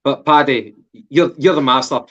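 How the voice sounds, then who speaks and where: A man's voice: mid-range voice, normal speed, a bit bright. A man from England co-hosting a football podcast, reviewing a match in casual, swearing, teasing banter. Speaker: podcast co-host. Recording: lo-fi muffled audio.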